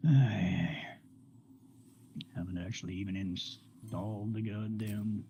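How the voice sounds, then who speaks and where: A man's voice: fairly low pitch, creaky, dark tone, rough recording. A man streaming games, going off on a rambling, profane rant and often laughing. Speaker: game streamer.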